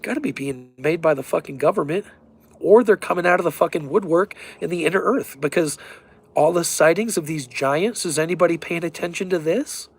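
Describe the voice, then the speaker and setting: A man ranting in a rambling, profane, excitable way about cryptids and conspiracies in a casual vlog. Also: a little high, fairly quick, slightly rough. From Colorado, USA. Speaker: vlogger.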